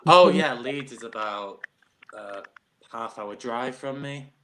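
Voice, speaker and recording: A man's voice: mid-range voice, takes it slowly, sharp tone, slight background noise. A man with a Manchester accent, a guest in casual chat, self-deprecating and giggly. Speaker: guest, drag queen.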